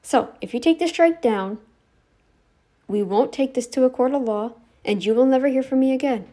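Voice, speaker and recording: Woman vlogger, slightly high voice, rambling sarcastic scolding rant to camera. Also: normal speed, dark tone. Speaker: YouTube commentator. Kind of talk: ranting direct-to-camera commentary.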